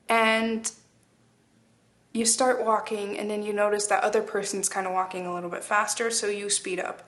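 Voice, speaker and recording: A woman giving a casual spoken tarot reading, rambling, with many fillers and restarts. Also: mid-range voice. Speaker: tarot reader.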